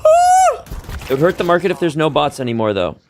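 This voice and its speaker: Lively-voiced male game streamer. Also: a little high, racing, very noisy. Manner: chatty, reacts loudly to gameplay. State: hiccuping. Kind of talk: casual live-stream commentary while gaming.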